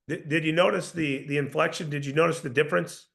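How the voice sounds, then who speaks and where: A sales trainer with a gravelly, somewhat raised male voice runs a live session for his team. He fires off rhetorical questions and restarts his sentences as he coaches. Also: a little high, steady tone, fast talker, few pauses, fairly bright tone.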